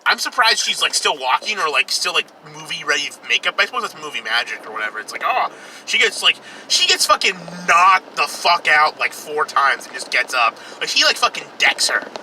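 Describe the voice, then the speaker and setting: A man's voice: fairly high pitch, sing-song, brisk, bright, forceful tone, slight background noise, poor audio. A young man casually reviewing a film while driving, rambling, profane and sarcastic. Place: in a car, outdoors traffic.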